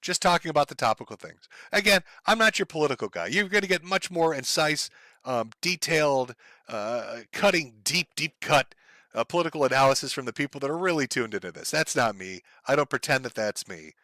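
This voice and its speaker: Male show host, blunt and foul-mouthed, edgy bright voice, dry close sound. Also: a little high, expressive, fairly quick, dry recording. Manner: blunt, profane, heated. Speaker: online commentator hosting his own show. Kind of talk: ranting political commentary.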